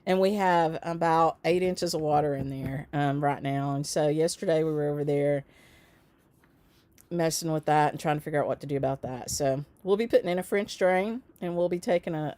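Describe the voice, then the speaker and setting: A woman's voice: low voice, moderate pace, dark tone, dry recording. A middle-aged woman, hosting a stitchery shop livestream in a chatty, rambling way and laughing often. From United States. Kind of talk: casual chat.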